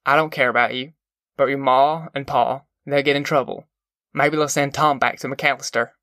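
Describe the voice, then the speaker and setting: A weary, level-headed former preacher, as a man puts him on speaks in a plain folksy drawl. The tone is bright and forward, and the audiobook sound is dry and close. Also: mid-range voice, steady tone, normal speed, dry recording. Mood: steady, urgent. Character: weary calm ex-preacher man, middle-aged.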